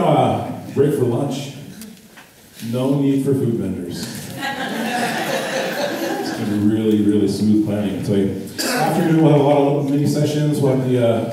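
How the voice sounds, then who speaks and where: Deadpan male stand-up comic in an echoey theater. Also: mid-range voice, moderate pace. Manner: deadpan, rambling with many fillers. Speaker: stand-up comedian. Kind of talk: stand-up comedy set. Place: theater stage. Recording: echoey theater, distant mic, crowd laughter. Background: audience laughter.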